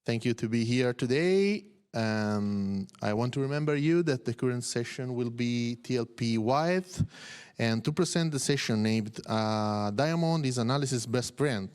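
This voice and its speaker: Guy introducing a speaker, a bit halting, smooth mid voice. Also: mid-range voice, a little mellow. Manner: formal, hesitant introduction. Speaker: session chair.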